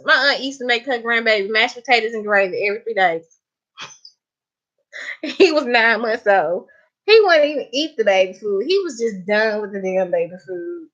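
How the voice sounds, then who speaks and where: Bright-voiced Southern woman chatting on a live stream. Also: a little high. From Southern United States. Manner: chatty, laughs often, playful and emphatic. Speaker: cooking channel host. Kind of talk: casual live-stream chat. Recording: dull lo-fi live-stream audio.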